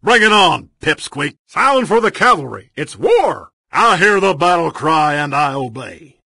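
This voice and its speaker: Brief: a joking cowboy card shark, drawling, animated pitch, dry studio sound. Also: male voice, unhurried, gravelly, breathy edge, no echo, heavily acted. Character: folksy cowboy card player, boastful and joking. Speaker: game character. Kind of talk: recorded game voice lines.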